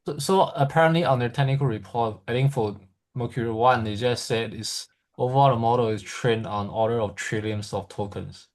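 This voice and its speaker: A man's voice: medium pitch, brisk. Man cutting in with emphatic remarks. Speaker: discussion participant. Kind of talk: casual technical discussion.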